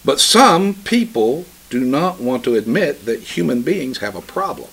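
A man preaching a sermon, reading scripture slowly and solemnly, then explaining it with emphatic swells in his voice. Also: mid-range voice, very animated, creaky, a bit bright, husky.

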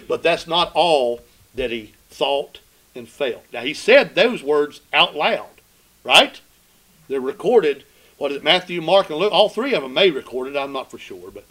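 A man preaching a sermon, asking questions of his listeners and swinging between loud emphatic cries and hushed low asides. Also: lively intonation, moderate pace, poor audio.

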